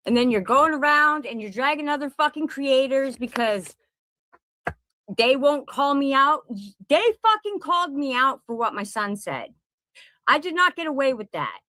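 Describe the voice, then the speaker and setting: A woman's voice: sits high, sing-song, normal speed, sharp tone, no echo. A middle-aged woman and content creator delivering a profane, confrontational rant straight to the camera, repeating her points. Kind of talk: angry direct-to-camera rant. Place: at home in Pennsylvania.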